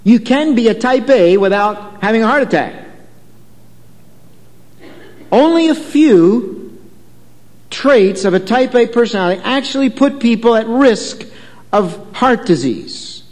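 Conversational preacher in an echoey hall. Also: male voice, very high voice, expressive, measured pace, long pauses, darkish tone. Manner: conversational, asks the congregation questions; storytelling. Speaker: pastor. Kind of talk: sermon.

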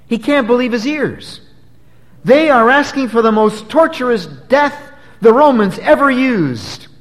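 A man preaching an expository sermon, emphatic, swinging from loud dramatic peaks to low, quiet drops. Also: lively intonation, unhurried. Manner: emphatic, dramatic rises and drops in pitch and volume. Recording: long hall reverb.

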